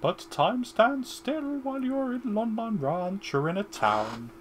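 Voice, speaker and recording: A high hooting old owl. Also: male voice, lively intonation, a little slow, slight background noise. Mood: grandly wise.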